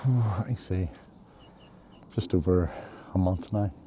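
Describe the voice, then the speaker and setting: A man's voice: deep voice, slow, warm tone, a little hiss or hum. A man vlogging casually while walking uphill through a forest, rambling with lots of fillers and a bit out of breath. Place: outdoors in a forest on a hill.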